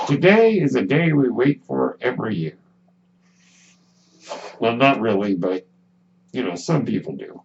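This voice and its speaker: Gravelly man hosting a solo podcast. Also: medium pitch. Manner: relaxed, musing, with pauses and restarts. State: breathing with a ventilator. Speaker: podcast host. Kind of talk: casual solo podcast monologue. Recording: dull lo-fi sound with faint hum.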